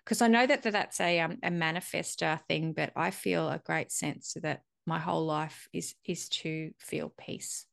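Low, gravelly woman. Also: fairly even intonation, a little slow, few pauses, no echo, studio quality. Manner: candid, reflective, swears casually, acts out dialogue. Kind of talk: casual conversational chat.

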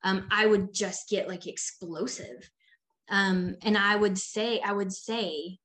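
A woman's voice: mid-range voice, steady tone, takes it slowly, a bit bright. Woman in her 30s, chatty guest, lots of "like", plain mid-range voice. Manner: chatty, many "like" fillers, acts out quoted voices. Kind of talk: casual conversation.

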